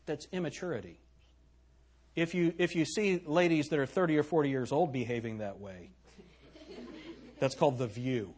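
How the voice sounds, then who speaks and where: A man's voice: on the high side, moderate pace, pauses often, darkish tone. A middle-aged man preaching a sermon in a church, throwing rhetorical questions at the congregation. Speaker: pastor.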